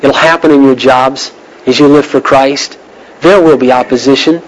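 A man's voice: mid-range voice, steady tone, normal speed, poor audio. A man preaching a sermon in an earnest, emphatic way, asking the listeners pointed questions.

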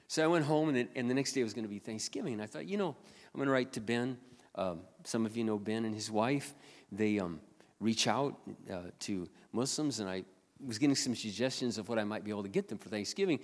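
A man pastor telling a story in a sermon, often clearing his throat as he retells conversations. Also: fairly low pitch, a little fast. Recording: long hall reverb.

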